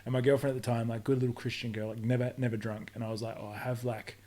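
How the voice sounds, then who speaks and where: A young man with an Australian accent chatting casually on a podcast, telling lively stories, swearing freely and acting out what people said. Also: mid-range voice, very fast. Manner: animated storyteller, swears freely, acts out quotes in voices. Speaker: podcast guest. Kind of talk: casual chat.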